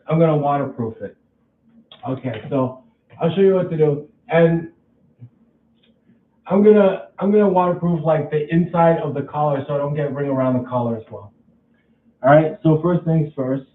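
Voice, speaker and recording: A man's voice: a little high, roomy sound, distant mic, narrow, tinny audio. A man casually vlogging at home, rambling and restarting his sentences as he talks through a chore. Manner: rambling, repeats himself, halting restarts.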